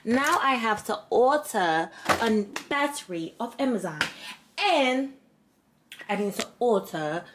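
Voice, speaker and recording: A woman's voice: a little high, expressive, slow pace, reverberant, background noise. A woman vlogger talking casually in a put-on British accent at home, swearing freely and sounding playfully exasperated. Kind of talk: casual vlog monologue. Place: her apartment.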